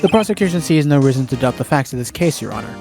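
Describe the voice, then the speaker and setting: A man's voice: mid-range voice, lively intonation, rapid-fire, vocal fry, loud music behind the voice. A man voicing a cool, smug young male prosecutor in a game, speaking with formal confidence. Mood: confident. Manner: formal, confident courtroom delivery.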